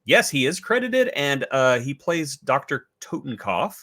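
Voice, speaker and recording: A man hosting a casual film review chat, easygoing and filling pauses with "uh" and "you know". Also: medium pitch, sing-song, bright, forceful tone. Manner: easygoing, drawn-out with fillers. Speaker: podcast host.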